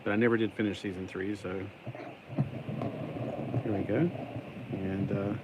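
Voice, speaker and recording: A man's voice: fairly low pitch, steady tone, unhurried, heavy background noise. A man casually narrating his LEGO build, rambling and joking to himself, slipping into a put-on accent. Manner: rambling, talks to himself, sings and jokes while building; puts on a stuck-in accent today. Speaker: YouTuber building a LEGO set.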